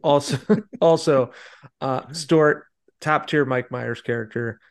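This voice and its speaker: A man's voice: mid-range voice, slow. A man co-hosting a podcast, ranting with mock outrage in casual banter. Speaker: podcast co-host.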